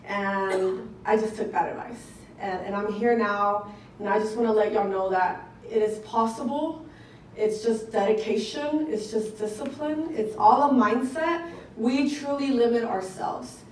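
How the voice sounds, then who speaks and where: A young woman giving an excited, conversational testimonial speech to an audience at a business event and talking to them directly. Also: medium pitch, unhurried, slight background noise. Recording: echoey room picked up from a distance.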